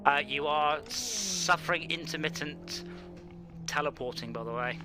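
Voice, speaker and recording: A British man hosting a live sim-racing stream, chatting casually and bursting into loud shouts at other drivers. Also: on the high side, measured pace, noisy background. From Britain. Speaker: stream host and server admin.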